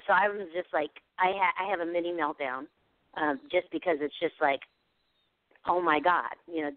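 Woman guest, casual animated storyteller, tinny phone-line audio. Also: low voice, no echo. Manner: animated, acts out quoted dialogue. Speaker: guest telling an encounter story. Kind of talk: casual storytelling on a radio show.

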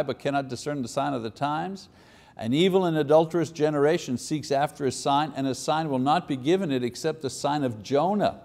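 Guy teaching a bible study, kinda higher voice, chatty and loose, does little voices for the people he quotes. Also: darkish tone. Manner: casual, acts out voices of people in the text. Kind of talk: conversational Bible lesson.

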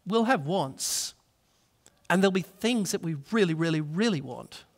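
Pastor, man, high bright tone, earnest sermon in a reverberant church hall. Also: lively intonation, moderate pace. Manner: earnest storytelling, acts out voices in anecdotes.

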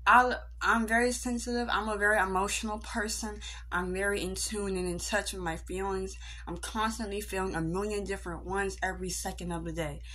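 A woman's voice: mid-range voice, fairly bright tone. A young woman vlogger telling an indignant, slangy story in a casual rant.

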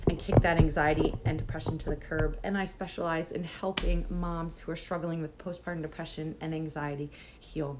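Amid background noise, a woman with a fairly low voice talks to camera in a personal vlog as a mom coach. Nervous and emotional, she nearly cries and laughs nervously before turning earnest and encouraging toward other moms.

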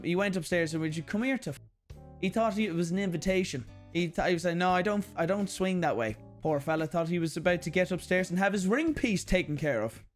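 An Irish man hosting a casual mail-opening vlog, crude and joking, with lots of swearing. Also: high-pitched. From Ireland. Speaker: YouTube host.

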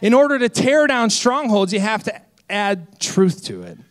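A man in his twenties, a senior associate pastor, preaching a sermon with lively self-deprecating stories. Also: high voice, moderate pace. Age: 20s. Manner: energetic, storytelling with self-deprecating humor.

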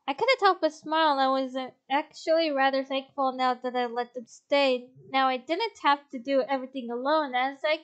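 Giggly high-voiced woman reading a game aloud. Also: moderate pace, hardly any pauses, fairly bright tone. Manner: giggly, laughs often. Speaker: game streamer. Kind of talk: reading a visual novel aloud with commentary.

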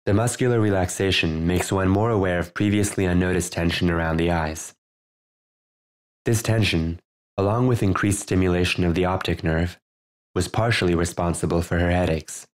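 A man with a deep, low voice narrates his own book in audiobook style. He tells his first-person story in a measured, earnest way. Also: steady tone.

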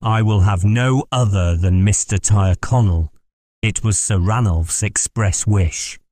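A man's voice: lowish voice, a little slow, dark tone, no room sound, clean studio sound. A man voicing a firm, stubborn male official in an audiobook.

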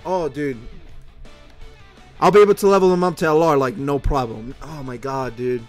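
At a moderate pace and mid-range pitch, a young mobile game channel host comments casually and excitedly on his summon pulls, with faint music in the background. He swears often, his mood swinging from gloomy mutters to loud shouts.

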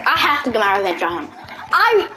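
A woman giving excitable, trash-talking commentary while playing a video game, often shouting at the screen. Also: on the high side, brisk, rough recording. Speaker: gaming video creator. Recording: loud game music underneath.

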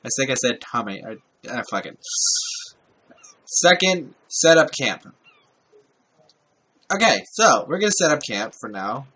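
A man's voice: medium pitch, big pitch swings, measured pace, pauses often, pushed and bright, slightly rough. A man giving casual let's-play commentary, talking to himself while he plays and swearing often. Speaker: gameplay commentator.

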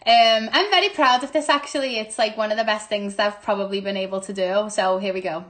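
A young woman with a Liverpool accent chats away into her phone camera. She is bubbly and quick to mock herself, answering fan questions with frequent laughs in a loose, casual way. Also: medium pitch, fairly bright tone. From Liverpool, England. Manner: chatty, bubbly, self-mocking, laughs often. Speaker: musical theatre actress. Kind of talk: casual Q&A chat.

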